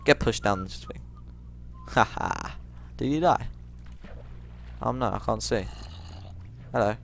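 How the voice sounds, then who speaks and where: A man giving rambling let's play commentary, jumpy and quick to shriek when startled. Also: lowish voice, lively intonation, gravelly, a little hiss or hum.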